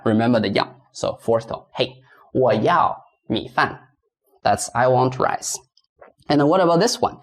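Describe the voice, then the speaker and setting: A man's voice: medium pitch, expressive, measured pace. A man teaching beginners pronunciation, patiently repeating sounds and stressing tones. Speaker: Mandarin teacher.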